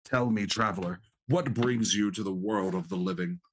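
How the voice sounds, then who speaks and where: A man voicing a solemn, ancient male undead blood-drinker in a tabletop game, speaking gravely and slowly. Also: sits low, a little hiss or hum, close to an everyday voice. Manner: grave, measured.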